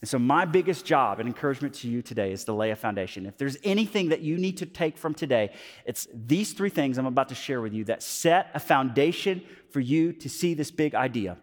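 Pastor preaching in a reverberant hall. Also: male voice, mid-range voice, brisk. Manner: animated storytelling with many fillers, swings from loud to hushed. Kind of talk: sermon.

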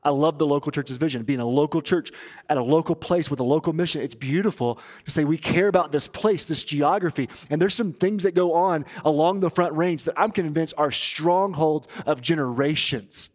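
A man preaching a sermon as pastor, urging and earnest, moving between loud appeals and hushed, intense passages. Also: on the high side, moderate pace. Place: church auditorium. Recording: long reverb of a large hall.

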